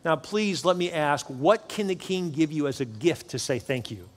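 A man's voice: a little high, animated, normal speed, long reverb tail. A man voicing a formal, gracious male king inside a sermon story.

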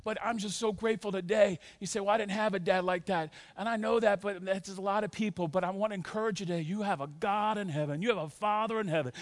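A man with a high voice preaches to a large church, quick to rhyme and urge the congregation to answer back. The sound is close and dry. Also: no room sound. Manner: energetic preaching with call-and-response; rhythmic, rhyming, playful. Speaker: pastor. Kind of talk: sermon.

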